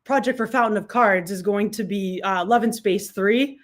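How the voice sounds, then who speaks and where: A woman's voice: medium pitch, normal speed. A woman guest answering interview questions, grateful and giggly, often restarting on her first words. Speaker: guest filmmaker.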